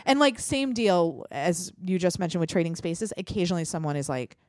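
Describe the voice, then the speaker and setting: Animated woman ranting on a podcast. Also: on the low side, brisk, no room sound, clean studio sound. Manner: animated, emphatic ranting with frequent swearing. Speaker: podcast host. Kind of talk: casual chat.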